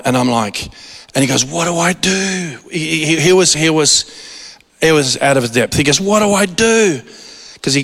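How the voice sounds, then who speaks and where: A man preaching a sermon, telling a story in an animated way with frequent restarts. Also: mid-range voice. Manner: animated, restarts often, acts out quoted voices. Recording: long hall reverb.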